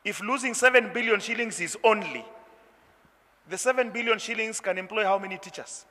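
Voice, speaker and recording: An emphatic man speaks at an education meeting. His voice is high and bright. The hall around him adds a long reverb. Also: brisk. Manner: impassioned, emphatic. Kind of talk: formal public speech.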